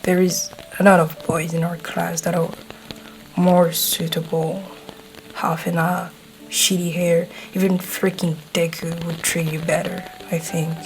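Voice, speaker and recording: A woman's voice: fairly low pitch, flat delivery, unhurried, soft background music, rough recording. A woman playing a brash tsundere teen boy. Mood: flustered. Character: gruff hot-tempered teenage boy classmate. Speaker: voice actor. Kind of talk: audio role-play to the listener.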